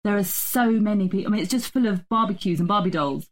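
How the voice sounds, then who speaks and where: A woman's voice: medium pitch, fast talker. A woman, chatting playfully and self-mockingly as a podcast co-host from home. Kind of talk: casual chat.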